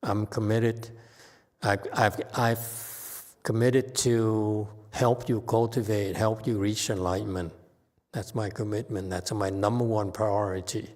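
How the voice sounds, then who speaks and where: A man with a low voice gives an unhurried Buddhist Dharma talk, speaking very slowly. His delivery is halting, with frequent restarts and a questioning "okay?" tagged onto his points. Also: fairly even intonation, darkish tone. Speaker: Buddhist teacher. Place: temple hall.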